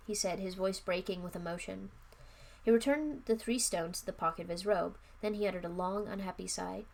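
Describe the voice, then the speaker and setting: A woman's voice: mid-range voice, a little fast, vocal fry, darkish tone. Young woman reading a book aloud, wry asides. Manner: wry, offhand, chatty asides.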